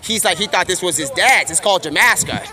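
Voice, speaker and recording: A man streaming live, telling a rambling, improvised stream-of-consciousness story and slipping into quick quoted voices. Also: sits high, expressive, sharp tone.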